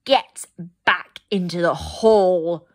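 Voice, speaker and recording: A woman's voice: mid-range voice, expressive, slow pace, fairly bright tone. A woman voicing a cold, furious ice queen in a storybook reading, hissing and snarling. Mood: menacing.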